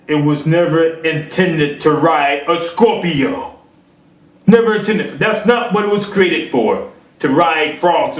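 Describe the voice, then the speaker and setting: A man preaching a sermon, telling a parable and rising to emphatic peaks. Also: fairly high pitch. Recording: echoey room, far from mic.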